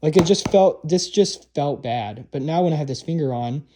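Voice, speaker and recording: A young man gives a relaxed drumline lesson in a loose, rambling way, stopping and restarting his thoughts. He is captured on a camera mic, and a steady hiss of room noise sits under his voice. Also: a little high, normal speed. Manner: loose and chatty, many fillers and restarts. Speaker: drumline instructor. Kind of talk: casual instructional talk. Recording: noisy room recording.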